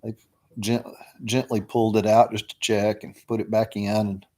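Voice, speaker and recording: Casting: middle-aged man, lower voice, drawling, loose and filler-heavy storytelling host. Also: little pitch movement, normal speed, a little mellow. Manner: rambling, drawling with many fillers. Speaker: live stream host. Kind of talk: casual storytelling chat.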